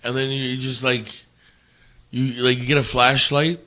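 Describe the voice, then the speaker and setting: A man with a bright, forceful tone at a mid-range pitch. He talks bluntly on a casual podcast, swearing and tripping over his words. His storytelling is rough and unpolished. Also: little pitch movement, moderate pace. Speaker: podcast co-host. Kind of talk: casual chat.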